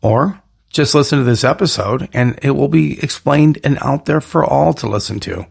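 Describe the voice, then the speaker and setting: Gravelly-voiced man hosting a solo podcast. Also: mid-range voice, lively intonation, normal speed. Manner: rambling, hype-filled catchphrase lists. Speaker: podcast host.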